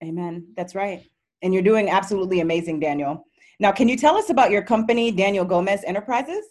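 A woman hosting a podcast, reading a prepared introduction briskly and then interviewing her guest. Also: medium pitch, lively intonation, darkish tone. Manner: brisk, reads from a prepared script. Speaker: podcast host.

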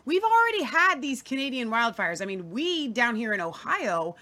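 A woman's voice: a little high, very animated, normal speed, sharp tone. A woman co-hosting a casual weekly news show, chatty and opinionated. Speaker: co-host.

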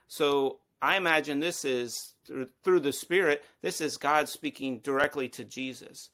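A man's voice: on the high side, a little slow, few pauses, sharp tone. A man taking part in a Bible study discussion, thinking aloud with frequent restarts and hedges as he works through his view. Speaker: study participant.

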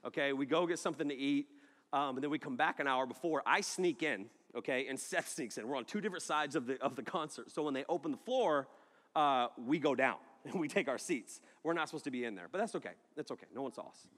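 Male preacher, animated storyteller, bright tone, long hall reverb. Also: medium pitch, fast. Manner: animated, joking storyteller who acts out the people in his story. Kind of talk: sermon with storytelling.

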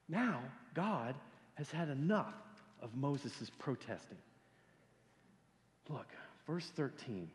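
A man preaching in a high, lively voice that leaps up and down as he jokes with his congregation. He stumbles over the first words of his sentences and repeats them. The sound carries a long hall reverb from the sanctuary. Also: takes it slowly. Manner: animated, joking, repeats words when starting sentences. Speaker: pastor. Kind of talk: sermon.

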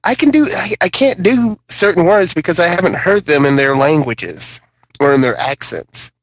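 Playful podcast host with a bright voice. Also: male voice, a little high, expressive, moderate pace, no room sound. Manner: jokey, playful. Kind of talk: casual podcast chat.

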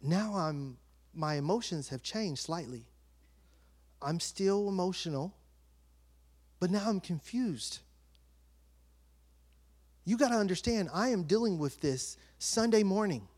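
Animated man preaching a sermon. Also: high voice, takes it slowly, pauses often. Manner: animated storytelling, shifting between soft and loud. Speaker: pastor.

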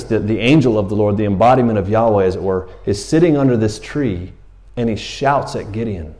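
Casual pastor preaching in church, man with a lowish voice, jokey and loose. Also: a little mellow. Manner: casual and joking, acts out Bible figures in raised voices. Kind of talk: sermon.

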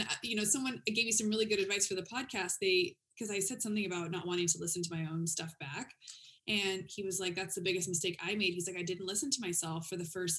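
A woman in her thirties hosting a podcast, talking casually and quickly with many fillers. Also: medium pitch, sharp tone. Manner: chatty, fast, lots of "like" and "you know". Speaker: podcast host. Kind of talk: casual interview chat.

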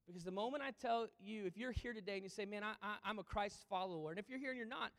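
A man preaching a sermon as pastor, moving between loud emphatic lines and hushed, almost whispered ones. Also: high-pitched, fast talker. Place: church auditorium. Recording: long reverb of a large hall.

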